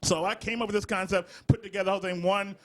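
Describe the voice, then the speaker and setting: A man's voice: sits high, steady tone, very fast. A middle-aged man from the Southern United States, a comedy writer chatting in an interview and telling stories with frequent laughter. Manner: laughing storyteller, breaks into laughter. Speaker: comedy writer and show creator. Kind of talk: casual interview chat.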